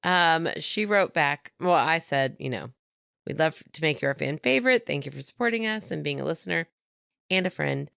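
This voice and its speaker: Low-voiced woman chatting on a podcast. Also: lively intonation, moderate pace, vocal fry, fairly bright tone, clear, resonant tone, dry recording, studio quality. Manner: giggly, rambling. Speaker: podcast co-host. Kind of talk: casual chat.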